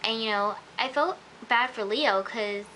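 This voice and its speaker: A woman's voice: on the high side, unhurried, bright, forceful tone, poor audio. A teenage woman chatting casually through an episode review, gushing and peppering her talk with "like" and "oh my gosh.". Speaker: vlogger. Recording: faint hiss.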